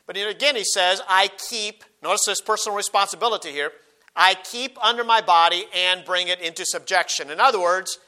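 A man with a high, bright voice preaches a sermon. He reads old scripture verses and presses his points by repeating them. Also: fairly quick. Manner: emphatic, repeats key phrases, quotes King James scripture.

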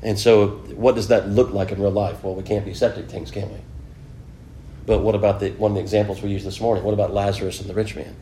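Guy teaching a bible class, mellow dark voice, laid back and chatty, faint rumble behind. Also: flat delivery, fast. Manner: conversational, asks the class questions, many "you know" fillers. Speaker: preacher.

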